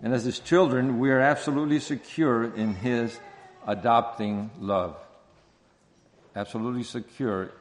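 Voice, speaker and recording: A man preaching an expository sermon, speaking slowly and deliberately and repeating key phrases for emphasis. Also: mid-range voice, fairly even intonation, a little hiss or hum. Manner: slow, deliberate preaching with stressed repetitions. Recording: long hall reverb.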